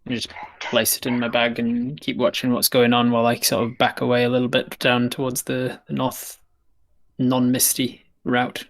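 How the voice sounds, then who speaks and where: Man playing a tabletop game, measured. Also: medium pitch, monotone, fairly bright tone. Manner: measured, polite in-character speech. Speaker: player. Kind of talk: tabletop role-play.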